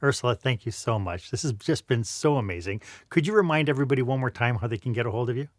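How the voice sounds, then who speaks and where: A man's voice: mid-range voice, lively intonation, fast, no room sound, studio quality. A man hosting a podcast interview, praising his guest effusively and giving an upbeat outro. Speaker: podcast host.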